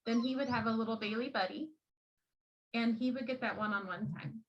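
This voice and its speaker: A woman's voice: a little high, fairly quick. Patient woman teacher, slightly dull audio. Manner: patient, gentle coaching of a child. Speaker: teacher trainer. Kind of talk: classroom demonstration for teachers.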